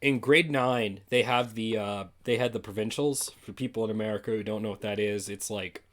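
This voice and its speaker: A man's voice: lowish voice, steady tone, brisk. A man from Canada, a podcast co-host, telling a school story in casual chat and swearing freely.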